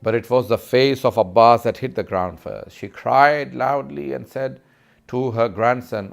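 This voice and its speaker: A man delivers a grieving sermon in a lamenting recital. His voice sits in an ordinary middle register with a rough, gravelly texture. Gentle music plays faintly underneath. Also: medium pitch, unhurried. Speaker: speaker. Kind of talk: mournful sermon narration.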